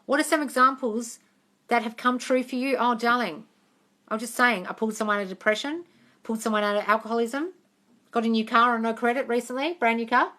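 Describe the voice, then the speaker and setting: A woman's voice: on the high side, fairly even intonation, fairly quick, bright, forceful tone. A woman answering viewers' questions on a casual livestream, frank and emphatic, swearing freely and calling everyone darling. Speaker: manifestation coach answering live questions.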